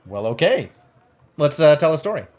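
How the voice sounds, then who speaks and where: A man's voice: medium pitch, big pitch swings, moderate pace. A male game streamer reading a text game aloud and thinking through it, playful and wry, with casual commentary.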